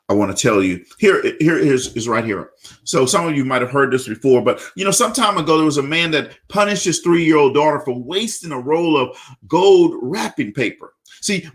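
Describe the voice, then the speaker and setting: Man, radio host, motivational leadership talk, higher voice, preachy, repeats words while searching. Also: a bit bright.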